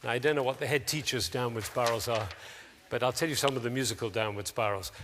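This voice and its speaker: A man giving an animated, anecdotal public talk to educators, laughing often as he speaks. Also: mid-range voice, fast, long reverb tail, slight background noise.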